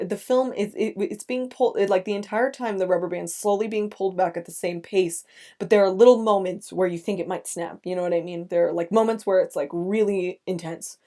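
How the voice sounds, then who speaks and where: A young woman hosting a podcast recaps a film in casual chat, her voice on the low side and warm. As she gets emotional, she speaks in halting restarts punctuated by nervous laughs.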